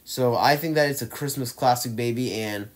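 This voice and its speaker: A man casually ranking movies on his own channel, rambling with lots of fillers and restarts, getting louder and softer as his enthusiasm rises and fades. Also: medium pitch, normal speed. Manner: enthusiastic, swings loud and soft. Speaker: movie reviewer ranking films. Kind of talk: casual rambling tier-list vlog.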